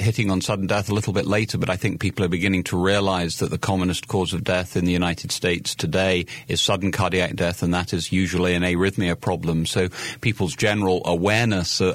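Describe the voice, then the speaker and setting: A middle-aged British man giving a measured, explanatory radio interview as a guest cardiologist. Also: deep voice, fairly bright tone, no echo. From Britain. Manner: measured, explanatory, repeats words when starting.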